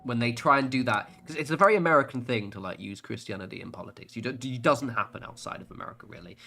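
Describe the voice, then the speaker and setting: A British man chats loosely on a gaming livestream, his voice bright and forward. He wanders through his points with plenty of ums, false starts and casual swearing, over a faint hum of background noise. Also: medium pitch, fast talker, vocal fry. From United Kingdom. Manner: rambling, sweary, many fillers and restarts.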